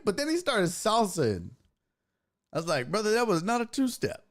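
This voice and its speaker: A man hosting a podcast, telling a comedic story in a profane, animated way and acting out what he said. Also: high voice, moderate pace. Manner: profane, animated, acts out his own quotes. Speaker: podcast host.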